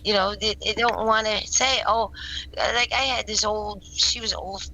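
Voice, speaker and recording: A woman with a bright, forceful voice speaks as a guest on an interview show. She tells her experiences in an earnest, rambling way. She often restarts her sentences and repeats words as she goes. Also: medium pitch, fairly even intonation, normal speed, vocal fry, slight background noise, poor audio. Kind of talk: casual spoken storytelling.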